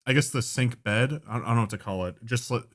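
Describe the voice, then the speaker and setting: A young man casually telling a story on a podcast, animated and profane, often breaking into laughter. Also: mid-range voice, fast talker. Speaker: podcast co-host.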